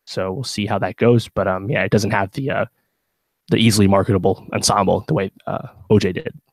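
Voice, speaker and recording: A man's voice: on the low side, fairly even intonation, brisk, no echo. A man co-hosting a podcast in casual chat, rambling with many fillers and restarts. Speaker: podcast co-host.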